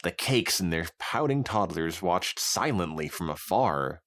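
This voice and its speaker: Man reading fanfiction on a podcast, very low voice, lively, wry, dry close sound. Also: unhurried. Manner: wry, laughs easily. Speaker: podcast co-host and narrator. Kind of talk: reading fanfiction aloud with banter.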